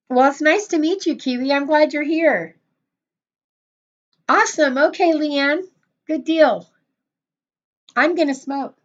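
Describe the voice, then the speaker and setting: Woman, middle-aged, livestream host, effusive, repeats herself, muffled lo-fi audio. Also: high voice. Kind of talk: casual livestream chat greeting viewers.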